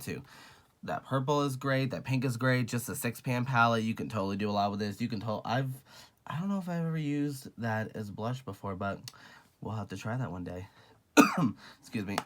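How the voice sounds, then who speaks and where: A man with a slightly low voice chats through a casual makeup collection review. He is sassy and gushing, tosses out "honey" and "girl" to viewers, and swears without a second thought. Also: a bit bright. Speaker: beauty vlogger.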